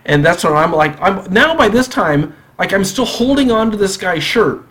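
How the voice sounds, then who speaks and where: A man telling a personal story on a podcast in a casual, animated way, acting out the dialogue. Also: high voice, moderate pace. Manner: animated, acts out quoted dialogue.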